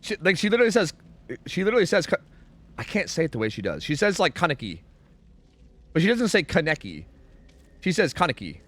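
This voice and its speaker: Animated young American man streaming. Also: high-pitched, rapid-fire. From United States. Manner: rambling, animated, swears casually, hums to himself. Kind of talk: casual gaming livestream chat.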